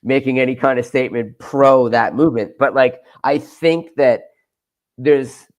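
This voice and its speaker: A man's voice: medium pitch, measured pace. A man in casual chat, rambling and searching for his words as he makes a point. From Boston area.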